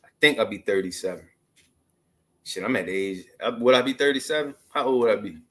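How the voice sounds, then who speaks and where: A man's voice: on the low side, fairly quick, pushed and bright. A man in his thirties from Maryland, telling a casual story to the camera in loose, slangy street talk full of asides. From Maryland, USA. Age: 30s. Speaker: vlogger.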